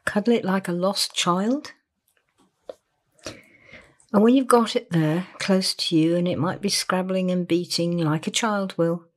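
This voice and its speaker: A woman, a coach, speaks in a gentle, earnest monologue about her work. Her voice sits a little low for a woman, and she slows and drops to a near-whisper when she wants a point to land. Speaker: therapist or coach. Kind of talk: reflective monologue about a client session.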